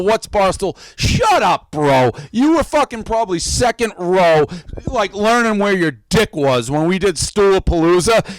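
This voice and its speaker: A man's voice: high voice, smooth, no echo, poor audio. A man hosting a casual blog show, ranting heatedly with lots of swearing. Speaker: show host. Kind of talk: casual sports-blog banter.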